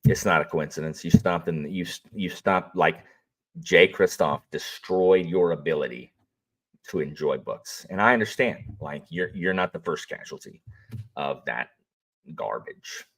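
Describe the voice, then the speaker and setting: A deep-voiced man with a fairly bright tone speaks at a measured pace on a livestream. He's an audiobook narrator and stream host who rambles casually, full of fillers and restarts, greeting viewers and talking about what he's reading.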